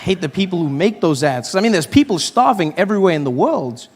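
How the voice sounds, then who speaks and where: A man in his thirties with a South African accent, performing an animated stand-up routine and acting out voices. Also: high voice, brisk, in a large hall. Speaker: stand-up comedian. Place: comedy stage before a live audience. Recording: live show with faint crowd and noise.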